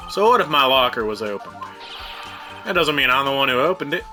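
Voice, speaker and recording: A man's voice: mid-range voice, sing-song, fairly quick, sharp tone. A man voicing a swaggering cowboy-style male police officer in a put-on country drawl over game music. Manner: drawling, folksy.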